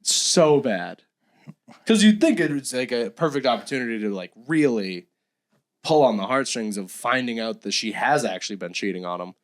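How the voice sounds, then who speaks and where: A young man co-hosting a casual podcast, excitable, swearing freely and laughing often. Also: medium pitch, moderate pace. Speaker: podcast co-host. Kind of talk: casual chat.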